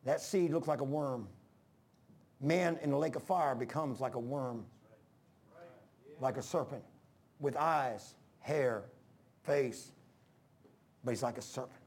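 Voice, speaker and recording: A man preaching a sermon, emphatic, calling out to the congregation and dropping to hushed lines between loud peaks. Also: medium pitch, takes it slowly, creaky, long pauses. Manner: calls for congregation responses.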